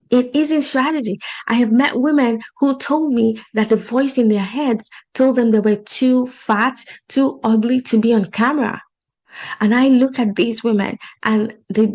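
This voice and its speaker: In a rough recording, a life and financial coach with a non-native English accent speaks in a voice on the high side, a little mellow. She casually and encouragingly describes her coaching program, repeating points to stress them.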